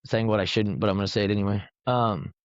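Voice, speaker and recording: A man's voice: on the low side, steady tone, fast talker, dry recording. A man telling rambling, profane anecdotes in a casual podcast chat. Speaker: podcast host. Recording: dull lo-fi recording.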